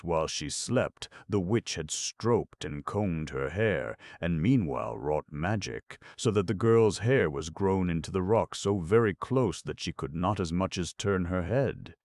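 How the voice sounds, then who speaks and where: A man reading a folk-tale audiobook in steady scripted narration. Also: sits low, no room sound, clean studio sound. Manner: steady storytelling.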